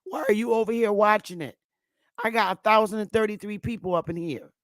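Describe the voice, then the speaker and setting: A woman's voice: mid-range voice, a little fast, no room sound. Woman streamer, combative and profane, casual rant, dry close sound. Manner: profane, combative, loud outbursts. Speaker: livestream host. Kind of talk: heated casual livestream rant.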